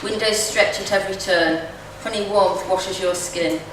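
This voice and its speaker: A woman's voice: mid-range voice, fairly even intonation, normal speed, noisy background. Woman reading poetry in an echoey room. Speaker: poet reading at a community event. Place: community event venue. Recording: echoey room, distant mic.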